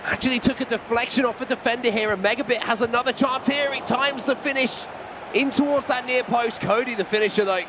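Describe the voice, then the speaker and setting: High-voiced male play-by-play caster. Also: a little fast, noisy background. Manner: excitable, rising on big chances. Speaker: esports commentator. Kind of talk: play-by-play commentary.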